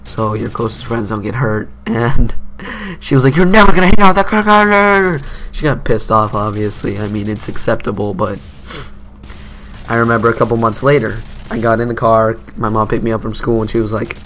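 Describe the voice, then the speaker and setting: A man's voice: fairly low pitch, level tone, moderate pace, a bit bright, a little hiss or hum. A teenage boy doing casual gameplay commentary, telling a story in a rambling, self-mocking way. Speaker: gaming commentator.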